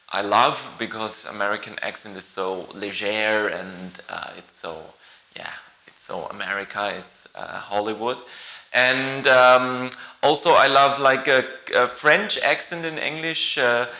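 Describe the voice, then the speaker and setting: A male actor introducing himself to camera, halting and playful, with many pauses. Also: lowish voice, pushed and bright, reverberant, poor audio.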